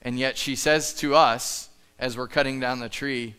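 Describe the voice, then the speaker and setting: Here a pastor with a Midwestern American accent delivers a sermon in a church sanctuary over a live stage mic. His mid-range voice holds steady at a measured pace, pushed and bright yet clear and resonant. He relates a story in a conversational, earnest manner, acting out what the characters say.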